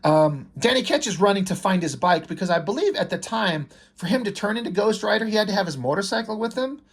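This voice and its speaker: Husky guy geeking out over a comic, swears a lot, reads the lines out loud. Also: high-pitched, animated, quick pace. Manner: enthusiastic, swears freely, reads dialogue aloud. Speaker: comic book reviewer. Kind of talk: casual comic read-through commentary.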